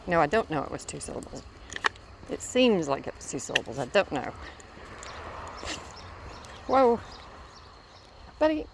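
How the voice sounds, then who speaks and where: A woman's voice: low-pitched, very animated, a little fast. A middle-aged woman chatting casually on a rural walk, rambling between thoughts and stopping to talk to her dog. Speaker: vlogger. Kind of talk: casual walking vlog. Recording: clear outdoor background noise.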